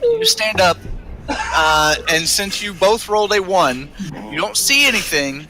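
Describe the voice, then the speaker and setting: A man's voice: high voice, huge pitch swings, measured pace, crowd noise. A man running a tabletop game as game master, narrating with many hesitations. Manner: hesitant, lots of uh, laughs often.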